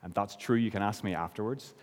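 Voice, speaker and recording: A man from Northern Ireland preaching a sermon, earnest, slowing and dropping low on key phrases. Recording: long hall reverb.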